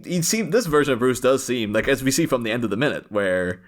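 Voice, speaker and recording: A man co-hosting a podcast in a relaxed film chat. His pitch rises and falls a lot as he talks. He keeps slipping into playful impressions of the characters he is discussing. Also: quick pace. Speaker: podcast co-host.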